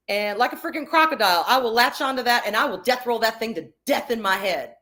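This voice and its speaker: An expressive woman chats on her livestream, candid and emphatic, mixing blunt swearing with warm reassurance. Her delivery swings between punchy emphasis and quieter, reflective stretches. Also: fairly high pitch. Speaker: streamer reading chat. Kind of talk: casual livestream chat.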